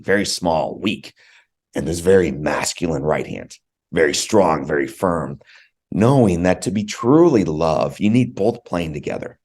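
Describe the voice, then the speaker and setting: A man's voice: sits low, darkish tone. A man, a podcast guest, telling a personal story in conversation, earnest and heartfelt, often repeating words for emphasis.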